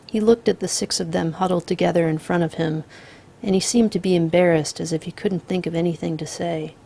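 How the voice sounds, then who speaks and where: A woman narrating a literary short story in a measured, steady storytelling voice. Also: lowish voice, creaky.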